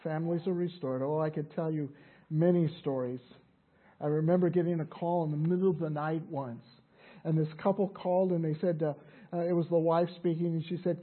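Older pastor guy, husky voice, telling stories in a sermon, sounds tinny like over a phone. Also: on the high side. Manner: earnest, halting storytelling with many restarts.

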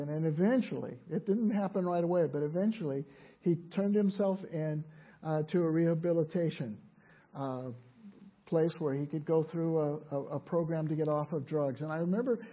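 Older pastor guy, husky voice, telling stories in a sermon, sounds tinny like over a phone. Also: a little high. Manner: earnest, halting storytelling with many restarts.

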